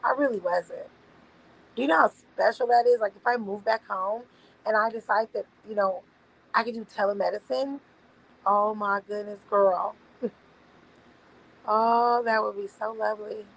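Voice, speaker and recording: A woman's voice: medium pitch, steady tone, moderate pace, pauses often, rough recording. A woman hosting a casual livestream, chatting loosely with her viewers and swearing freely. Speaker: livestream host. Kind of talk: casual late-night livestream chat.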